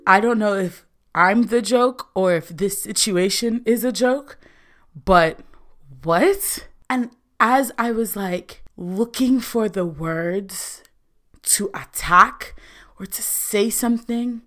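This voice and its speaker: A young woman telling a personal story in an animated, sassy way, sometimes breaking into shouts. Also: medium pitch, takes it slowly. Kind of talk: storytime vlog.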